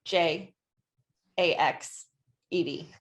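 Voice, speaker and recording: A woman's voice: sits low, extremely slow. A woman co-hosting a podcast, chatting casually and playfully quizzing her partner on slang terms. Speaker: podcast co-host. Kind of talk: casual chat.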